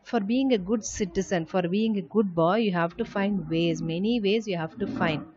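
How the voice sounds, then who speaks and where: A woman teacher giving a slow, emphatic lesson to young children. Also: medium pitch, darkish tone, dull audio. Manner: slow, emphatic, reads habits aloud then explains. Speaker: school teacher.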